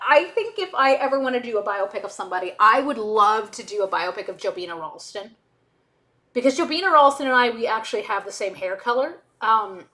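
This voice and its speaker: A woman with a fairly high, animated voice chats casually on a stream while editing. She drifts into tangents and cuts herself off with quick asides, with her pitch bouncing around as she goes. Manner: rambling, tangent-prone, frequent self-interrupting asides.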